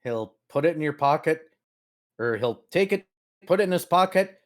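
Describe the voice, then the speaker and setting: A man's voice: a little high, animated, moderate pace. Man running a tabletop game. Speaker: game master.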